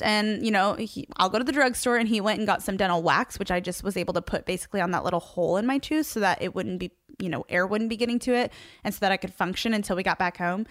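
A young woman recounts a mishap in a chatty, animated way, laughing now and then between phrases. Her voice sits at an ordinary middle pitch. The sound is dry and close, with no room around it. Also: fast talker, no room sound. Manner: chatty, animated, laughs often while telling. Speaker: social media creator. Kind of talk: casual storytelling to camera.

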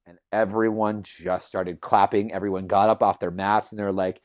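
A man, a yoga teacher, telling his own story in conversation, earnest and animated, acting out the voices he quotes and leaning on lots of fillers. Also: low-pitched, moderate pace, few pauses, dry recording, studio quality.

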